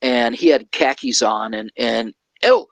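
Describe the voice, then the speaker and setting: A man tells a long personal story in a loose, rambling way and keeps tagging "okay?" onto his sentences. His voice sits at an ordinary middle pitch and sounds close and dry. It is casual conversation with a guest. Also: measured pace, creaky, no room sound, poor audio. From California.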